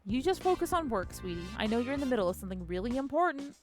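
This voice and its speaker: A woman's voice: fairly high pitch, sing-song, fast talker, soft background music, voice pushed up. Rumi, a woman putting on a sweet young girlfriend voice. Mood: tender.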